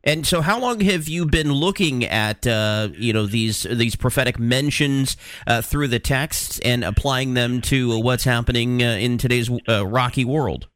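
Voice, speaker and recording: A man's voice: medium pitch, a little slow, hardly any pauses, a bit bright, no room sound. A man hosting a talk show, running through news headlines with sarcastic, plain-spoken commentary and frequent fillers. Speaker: podcast host.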